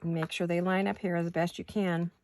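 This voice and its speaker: A woman's voice: lowish voice, little pitch movement, normal speed, a little mellow, no room sound. A middle-aged woman hosting a craft tutorial from her home studio, chatting and muttering asides to herself while she works, with the hiccups. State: has the hiccups. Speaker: craft video host.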